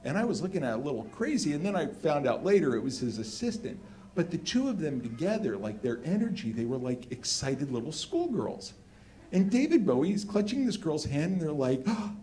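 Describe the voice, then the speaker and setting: Animated guy from LA telling a story on stage, says like a lot, gets worked up. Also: a little high. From Los Angeles, United States. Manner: animated, excitable, heavy use of "like". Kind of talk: live comedic storytelling.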